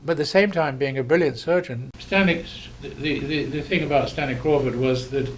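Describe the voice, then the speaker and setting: A man's voice: medium pitch, fairly quick, a little hiss or hum. An older man with an English accent, a surgeon reminiscing in conversation, telling stories with frequent ums and restarts. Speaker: surgeon interviewee.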